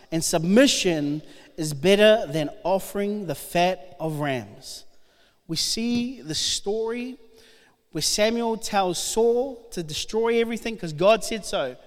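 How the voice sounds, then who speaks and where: A preacher with a notably high voice reads a Bible story aloud slowly in his sermon, animatedly acting out the figures' lines. His words ring through a church hall with a long, lingering reverb.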